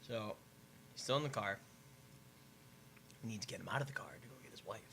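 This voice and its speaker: A man's voice: on the low side, brisk, vocal fry, sharp tone, slight background noise. A man playing in a tabletop game, talking casually, often stammering and hesitating. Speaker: player.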